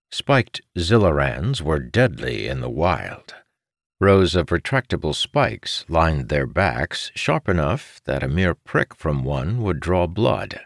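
A man narrating a fantasy audiobook in a steady, expressive reading. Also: rumbling low, no room sound, studio quality.

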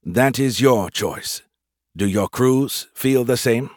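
A man voicing a calm, confident human general in an audiobook, courteous with a dry, taunting edge. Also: mid-range voice, slow, no echo. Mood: courteous, firm. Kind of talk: audiobook character voice.

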